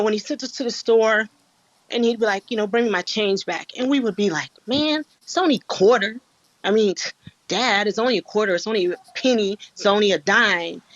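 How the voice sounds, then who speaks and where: A woman's voice: lowish voice, no echo. A woman speaking earnestly and from the heart in a casual group discussion, telling stories about her upbringing. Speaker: panel participant. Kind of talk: casual discussion on an audio chat room. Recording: dull, lo-fi audio.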